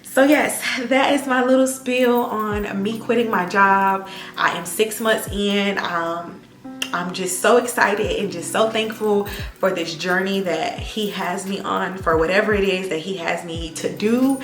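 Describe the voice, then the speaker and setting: A woman, talking earnestly and with emphatic repetition in a heartfelt storytime vlog, her voice a little hoarse and emotional. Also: medium pitch, measured pace, echoey room, faint music behind. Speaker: vlogger.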